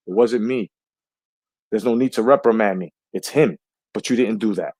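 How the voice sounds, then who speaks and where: A man's voice: fairly high pitch, a little mellow. A man with a slightly raised voice tells a grievance in a heated, indignant, profane tone. He is a boxing channel commentator giving a casual monologue, recorded with a close, dry sound and no room echo.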